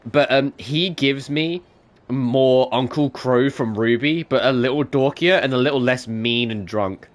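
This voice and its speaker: A man's voice: medium pitch, a little slow. A man streaming a video game with casual commentary, chatty, laughing and swearing freely. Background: game music.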